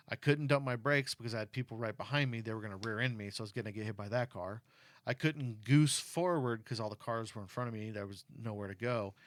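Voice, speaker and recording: Middle-aged man, casual chat, animated storyteller, mid pitch, dry close sound. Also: dry recording. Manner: animated storyteller who acts out quotes; earnest and cautionary when talking about safety. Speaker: parent talking with his kid.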